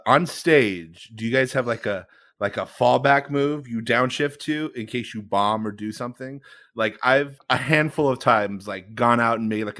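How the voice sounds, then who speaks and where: A man co-hosting a comedy podcast, telling a rambling improv story in casual chat, often trailing off quietly. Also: mid-range voice, dry recording, studio quality. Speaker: podcast co-host.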